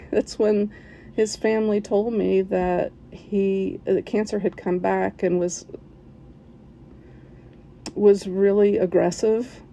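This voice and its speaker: A woman telling a personal story as a podcast listener, in an emotional, halting way with soft laughs. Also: medium pitch, vocal fry, slight background noise, low-quality recording.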